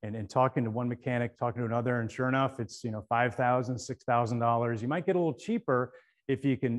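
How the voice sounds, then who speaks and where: A middle-aged man giving a conference talk built around a story. His voice sits at an ordinary middle pitch, and he tells it with animation, stumbling over repeated words when he gets excited. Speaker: conference speaker.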